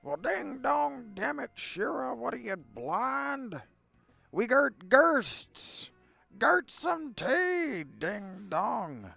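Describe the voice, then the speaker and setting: A mumbling cranky old captain. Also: male voice, very high-pitched, big pitch swings, very slow, creaky, soft background music, voice pushed up, heavily acted. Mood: bossy. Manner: mumbled slurred words as if around a cigar; loud, bossy, cursing. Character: gruff old male rocket captain, cranky.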